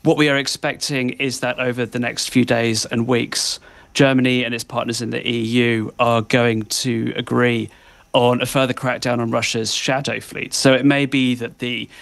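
A man speaking as a correspondent on a live radio interview, his voice edged with gravelly fry. He explains events in an articulate, analytical way with small pauses. The sound is dry and close, with no room echo. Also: medium pitch, a bit bright. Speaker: foreign correspondent.

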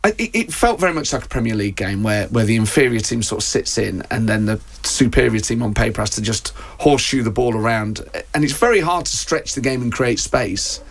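A man speaking quickly as a talk-show guest, with a gravelly, creaky texture to his voice. He is animated and chatty in relaxed discussion and laughs easily. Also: medium pitch. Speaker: guest, football podcaster. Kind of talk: casual discussion.

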